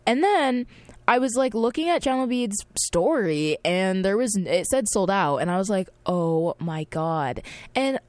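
A woman of twenty chatting casually on air as a campus radio host, excitable and full of slang and fillers. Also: medium pitch, normal speed, no room sound. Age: 20s.

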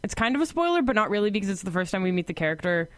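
A woman's voice: medium pitch, very animated, rapid-fire. Chatty woman podcast co-host. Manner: chatty, lots of "um" and "like". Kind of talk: casual chat about a TV show.

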